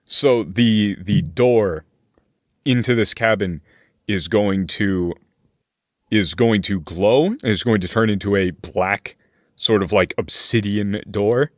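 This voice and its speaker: A man's voice: on the low side, takes it slowly, dry recording, studio quality. A man running a tabletop game as game master, narrating scenes loosely with plenty of fillers and restarts.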